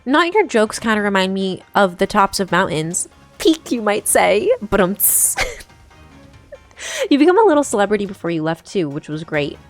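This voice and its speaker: A giggly young woman streamer reads out chat and reacts while she plays, her voice swooping animatedly up and down. Soft background music runs quietly under her casual chatter. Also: mid-range voice, huge pitch swings, moderate pace.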